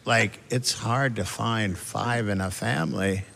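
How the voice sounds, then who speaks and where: Speaking unhurriedly in a lowish voice, a male comedian delivers deadpan, wry tales about his family, jumping into animated voices of his relatives. Laughter from the big theater audience comes through clearly over the hall's long reverb.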